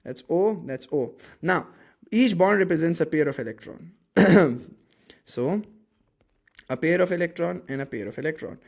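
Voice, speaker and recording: Jokey, high-voiced male chemistry teacher. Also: expressive, moderate pace, gravelly, a little mellow. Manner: jokey, self-mocking, counts aloud while drawing. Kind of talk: casual classroom lesson.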